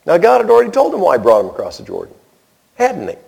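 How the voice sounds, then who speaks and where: A man's voice: high-pitched, huge pitch swings, fast talker, vocal fry, darkish tone, slightly rough. A man preaching a sermon, telling a story with animation and acting out the people in it.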